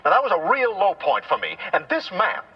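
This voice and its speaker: A man doing a high husky hot-tempered talking car. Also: huge pitch swings, fairly quick, dull audio, full character voice. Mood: indignant. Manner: emotional, then furious and shouting. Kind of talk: comedy sketch acting.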